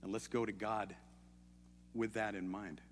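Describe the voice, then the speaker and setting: A man's voice: lowish voice, level tone, a little slow, in a large hall, a little hiss or hum. A man preaching a sermon in an earnest, hesitant way, often restarting his sentences.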